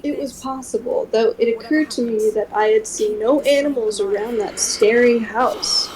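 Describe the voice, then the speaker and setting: A woman streamer reading a gothic horror novel aloud in a steady first-person voice. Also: on the high side, normal speed, poor audio.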